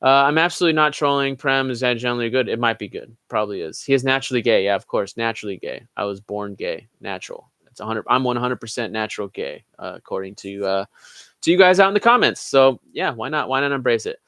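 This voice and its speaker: A young man's medium-pitched voice, fast and smooth with a fairly bright tone, comes through with no room sound. He's the channel host of a casual livestream Q&A, voicing questions from live chat and answering them offhand, profanity and all.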